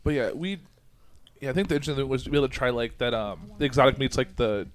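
A man talks at a brisk clip, circling his point with plenty of "like"s and restarts. It is a relaxed podcast chat among friends, with a faint hiss under the voice. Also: mid-range voice. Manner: quick, rambling, many fillers. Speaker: podcast co-host. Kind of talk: casual chat.

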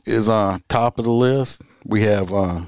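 A man's voice: fairly low pitch, unhurried, darkish tone, dry recording. A man co-hosts a casual podcast. He spins his police stories in a folksy, cussing way, full of "uh"s, and his voice sits dry and close to the mic. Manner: folksy, profane storytelling with many fillers. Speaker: podcast co-host, police officer.

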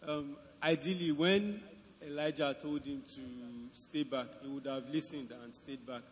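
A man's voice: fairly high pitch, steady tone, measured pace. A man from the congregation takes the microphone during a church service and earnestly explains his answer to the preacher. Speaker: congregation member. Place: church hall. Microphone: handed microphone. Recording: reverberant hall with faint room noise.

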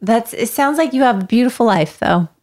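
A woman's voice: on the high side, expressive, a little fast, a little mellow. A woman co-hosting a podcast, chatting casually and playfully, encouraging the guest. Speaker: podcast co-host.

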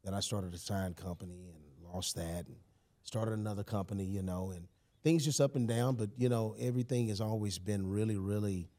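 A man, a podcast guest telling a personal story in casual conversation, animated and emphatic, often saying "you know" and "man". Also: lowish voice, a little fast.

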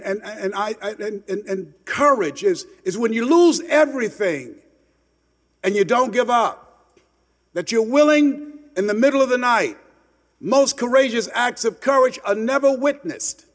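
A man's voice: extremely high pitch, measured pace. Impassioned man in a reverberant hall. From Miami, United States. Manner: emphatic, repeats words, swings from loud to hushed storytelling. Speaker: motivational speaker. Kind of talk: impassioned motivational speech.

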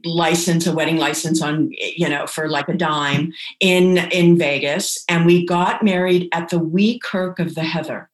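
A woman telling personal stories in a lively, casual way, acting out the voices of the people she quotes. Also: low voice, a little slow, hardly any pauses. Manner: animated, acts out quoted voices. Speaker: guest. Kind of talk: casual anecdotal storytelling. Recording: roomy echo.

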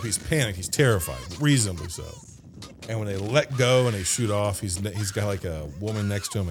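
Animated profane man from Ohio. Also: on the low side. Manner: animated storyteller, profane, mimics squealing voices. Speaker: podcast host. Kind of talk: casual movie podcast chat.

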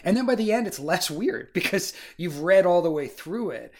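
A man's voice: high-pitched, sing-song, moderate pace, a crowd in the background. A man co-hosting a casual book discussion podcast, rambling with many "like" and "you know" fillers. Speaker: podcast co-host.

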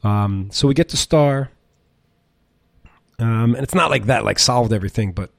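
A man's voice: medium pitch, normal speed, creaky, dry recording, clean studio sound. A middle-aged man, a chef and restaurant owner, telling rambling stories in a casual interview, full of fillers and the odd curse. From United States. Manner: rambling, animated, swears, many fillers.

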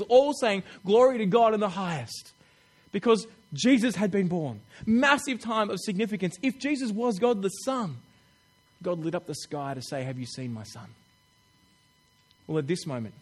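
A man preaching a sermon in a chatty, animated way, acting out little quotes with laughs. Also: high-pitched.

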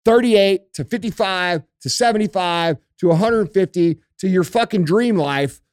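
A man's voice: sits high, normal speed, a little mellow, clear, resonant tone, no room sound, studio quality. A middle-aged man on a podcast, talking in a blunt, emphatic, profanity-heavy rant. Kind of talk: casual podcast chat.

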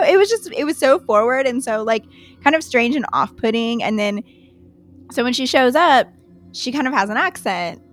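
A young woman telling a personal story casually, full of "like" and quick to laugh. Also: on the high side, fairly bright tone. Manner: chatty, lots of "like", quick to laugh. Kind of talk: casual anecdote.

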